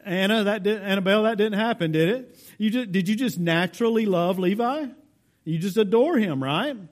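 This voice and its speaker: A man with a notably high voice preaches a verse-by-verse sermon. His delivery is deliberate and explanatory, leaning on key words for emphasis while addressing the congregation directly. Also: lively intonation. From United States. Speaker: pastor. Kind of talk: sermon, verse-by-verse Bible teaching.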